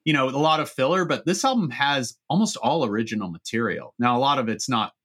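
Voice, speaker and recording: A man's voice: medium pitch, brisk, fairly bright tone. A man co-hosting a podcast, chatting casually about music with many fillers and restarts. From Southern California. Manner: rambling, full of fillers and restarts. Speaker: podcast co-host.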